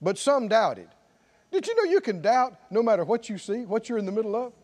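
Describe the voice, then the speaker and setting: Pastor guy preaching in church, really high voice, swings up and down a lot, punchy call-and-response. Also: very animated, a little fast, a little mellow. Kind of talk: sermon.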